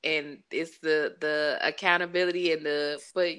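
A woman's voice: low-pitched, steady tone, normal speed, a bit bright, clean tone. A woman in casual chat, reacting with interjections and offering her own take.

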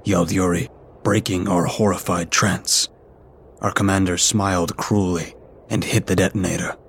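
Male horror story narrator: low voice, flat, measured delivery. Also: gravelly, a little hiss or hum.

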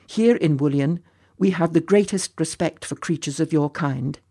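A man's voice: on the high side, normal speed, warm tone, slightly rough. A man voicing a courteous leader of a rescue party, speaking in formal, careful, polite words. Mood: earnest, formal.

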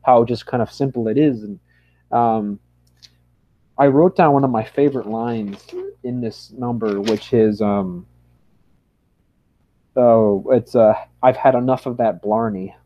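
A man as a podcast guest, talking hesitantly with lots of ums and sometimes humming a tune. The recording is dry and a little dull. His pitch sits in an ordinary middle range. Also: fairly even intonation, slow, long pauses, no room sound. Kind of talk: casual podcast interview.

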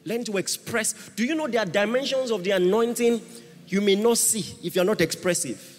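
A man preaching a sermon, emphatic, swinging from hushed asides to shouted exhortation. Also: sits high, fairly quick. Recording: long reverb of a large hall.

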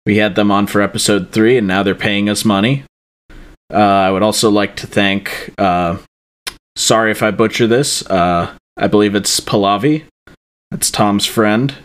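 Young man, podcast host, unhurried, lowish voice, dry joking manner. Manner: dry, offhand and joking, with many fillers. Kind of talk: casual podcast chat.

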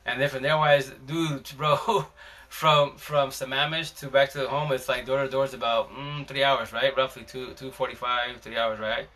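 Bright-voiced man telling a rambling story. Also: mid-range voice, fairly even intonation, moderate pace. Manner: rambling, slangy, frequent restarts. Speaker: live stream host. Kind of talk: casual storytelling chat.

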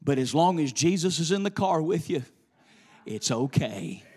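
A male preacher delivering a sermon in a chanting, sing-song cadence that swells into shouts. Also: fairly high pitch, lively intonation, moderate pace, breathy edge.

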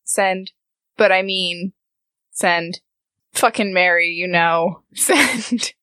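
A woman's voice: on the low side, very slow, pushed and bright, no echo. A woman playing a tabletop game, talking in a playful, blunt way with frequent laughs. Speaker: player. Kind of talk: casual tabletop play.

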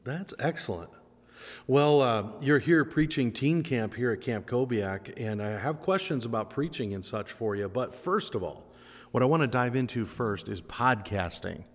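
A man's voice: mid-range voice, lively intonation, moderate pace. A man hosting a podcast interview at a camp, friendly and eager, with lots of affirming interjections. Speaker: podcast host. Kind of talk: casual interview chat. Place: indoors at a summer camp. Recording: roomy echo with long reverb.

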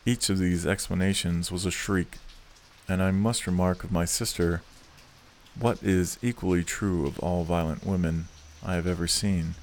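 A man reading a classic novel aloud as an audiobook narrator, measured and unhurried. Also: low voice, steady tone, darkish tone, a little hiss or hum.

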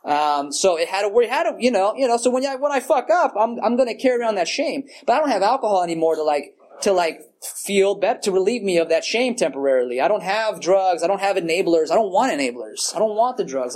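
A man's voice: sits high, animated, fast talker, few pauses, darkish tone. A man sharing his story at a recovery meeting in a rambling, casual way, full of fillers and swearing, often laughing at himself. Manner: rambling and casual, heavy on "like" and "you know", swears freely; self-mocking, laughs at himself. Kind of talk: personal share at a recovery meeting. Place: meeting room in front of a group.

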